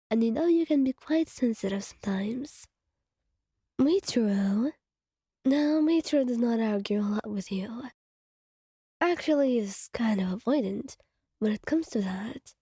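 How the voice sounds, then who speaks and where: A woman tells a whispered role-play story directly to the listener. Her hushed voice is breathy, slow and fairly high. It has a mellow, dark tone, recorded dry and close. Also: no echo. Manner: soft, hushed, intimate second-person narration. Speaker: ASMR storyteller.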